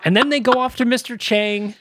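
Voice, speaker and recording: A woman's voice: on the high side, a little fast, dry recording, studio quality. A woman co-hosting a podcast, retelling a movie scene by scene in casual, swear-laden chat. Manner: animated, swearing, acting out scenes with laughs. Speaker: podcast co-host.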